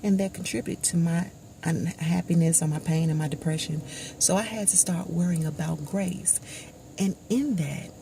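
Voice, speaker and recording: A woman with a gravelly, lowish voice tells a personal story, slowly and reflectively. She often drops into a hushed tone. Steady background noise sits under the recording. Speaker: vlogger.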